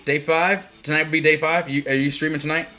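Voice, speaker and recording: A man's voice: fairly high pitch, level tone, fast talker, sharp tone, soft background music. A man casually commenting on a life-sim game while streaming, chatty and rambling, laughing often and answering viewers.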